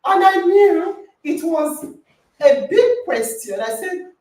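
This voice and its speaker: A woman hosting an online podcast call, telling a story with animated reenacted dialogue and laughter. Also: extremely high pitch, slow pace, distant mic. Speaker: podcast host. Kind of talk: lively online group call chat. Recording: roomy echo, voice from off-mic.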